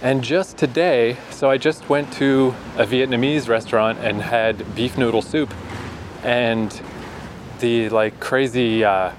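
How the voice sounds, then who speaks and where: A man's voice: medium pitch, steady tone, slow pace. Chatty man vlogging on a busy street. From New Brunswick, Canada. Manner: rambling, chatty, laughs often. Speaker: travel vlogger. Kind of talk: casual travel vlog, walking outdoors. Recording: street traffic noise behind.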